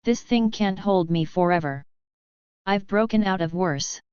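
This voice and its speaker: A woman's voice: medium pitch, unhurried, darkish tone, clean tone, dry recording, lo-fi sound, lightly acted. A woman reading a defiant young warrior. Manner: hard, defiant.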